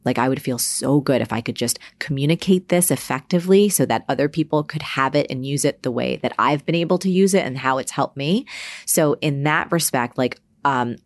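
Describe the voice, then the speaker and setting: A woman with a notably deep voice talks as a podcast guest about her work. Her delivery is animated and emphatic, with casual filler words. The recording is dry and close, with no room sound. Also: a little fast, dry recording. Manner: animated storyteller, lively and emphatic. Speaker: guest author.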